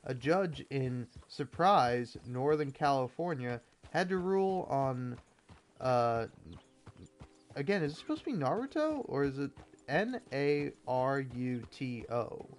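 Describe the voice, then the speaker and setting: Taking it slowly, this gaming video creator reads an article aloud in an expressive, medium-pitched voice. His commentary is a sarcastic, profane, exasperated rant.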